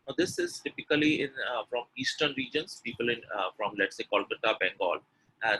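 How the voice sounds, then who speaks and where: A man's voice: mid-range voice, fast talker, breathy edge, poor audio. A man with an Indian English accent, running a live webinar on pronunciation, drilling sounds aloud and urging the audience to type in the chat. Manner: energetic, repeats words, drills sounds aloud, coaxes chat replies. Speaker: spoken English trainer.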